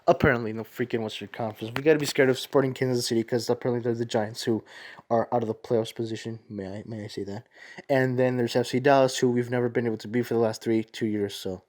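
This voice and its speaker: A man's voice: mid-range voice, fairly even intonation, fast talker, a little mellow. A man hosting a casual soccer review show, talking in a rambling, chatty way and often correcting himself. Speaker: host.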